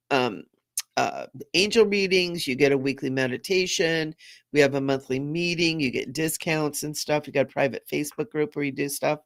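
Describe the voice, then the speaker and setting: Bubbly middle-aged lady chatting to her livestream viewers, laughs a lot and gushes. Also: sits low. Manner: bubbly, gushing, laughs often, reads out viewer comments. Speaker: spiritual medium and livestream host. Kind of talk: live-stream chat with viewers.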